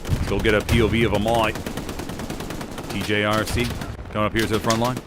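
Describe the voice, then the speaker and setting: A man doing live play-by-play commentary on a competitive shooter match, lively and prone to sudden exclamations. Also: fairly low pitch, fairly quick, noisy background. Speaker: competitive game caster. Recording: game gunfire and artillery clearly heard behind. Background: game gunfire and explosions.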